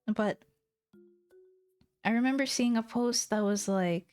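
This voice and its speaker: A young woman talks casually on a stream, rambling, swearing and breaking into giggles. Her voice sits a bit high and her delivery is slow and drawn-out. Faint music plays underneath. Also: a little mellow. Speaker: VTuber streamer.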